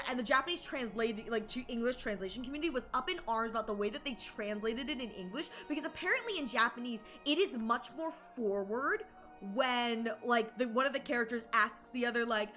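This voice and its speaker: A young adult woman streaming and chatting casually, animated and rambling with lots of fillers and restarts. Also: on the high side. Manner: excited shouted greetings to chat. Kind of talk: casual live-stream chat.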